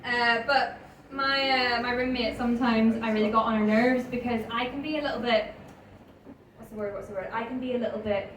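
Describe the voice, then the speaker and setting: A young Northern Irish woman doing a stand-up comedy set with dry deadpan delivery, often laughing at her own jokes. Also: on the high side, brisk, distant mic, slight background noise. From Northern Ireland. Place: comedy club stage. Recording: echoey club, mic heard from afar. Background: audience laughter.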